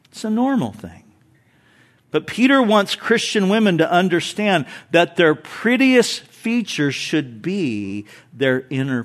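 A male pastor delivers a sermon to his congregation in a fairly high voice. His pitch swings widely as he stresses points and drops into quiet asides. He tosses in light jokes between points. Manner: animated, emphatic, jokes with the congregation. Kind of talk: expository sermon.

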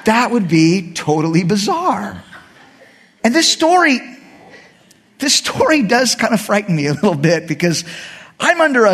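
A man preaching a sermon, retelling a scripture story as an animated, joking storyteller. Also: sits high, breathy edge. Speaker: pastor.

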